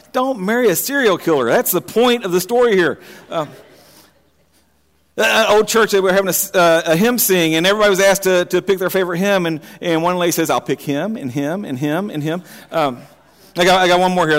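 A man preaching a sermon, opening with folksy, self-deprecating jokes in a halting way before moving into scripture. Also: high voice, fairly bright tone, big-room sound.

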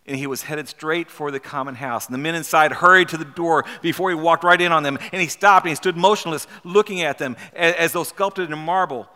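Male preacher, fairly high and bright-toned, stop-start storytelling full of rhetorical questions, long hall reverb. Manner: halting, repeats words, asks rhetorical questions. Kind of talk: storytelling sermon with read-aloud passages.

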